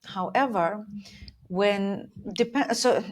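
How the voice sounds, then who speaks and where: A woman's voice: medium pitch, very slow. A woman working as a Pilates instructor, explaining her coaching approach in a thoughtful, step-by-step conversational way.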